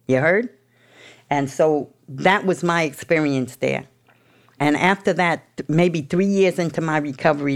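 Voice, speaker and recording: A woman's voice: sits low, vocal fry. A woman with a New York accent telling her recovery story candidly, in a blunt, profane, street-tough way. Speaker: speaker sharing a recovery story.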